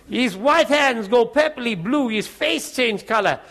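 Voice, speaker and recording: A man preaching, telling a testimony in a lively way, often laughing and acting out the voices and prayers in his story. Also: extremely high pitch, a little slow, few pauses.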